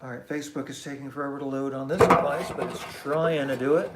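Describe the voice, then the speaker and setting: A man's voice: medium pitch, quick pace, heavy background noise. Male streamer reading comments aloud, casual, joking at his own expense, echoey room. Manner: warm, chatty, self-deprecating. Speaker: musician hosting a live stream.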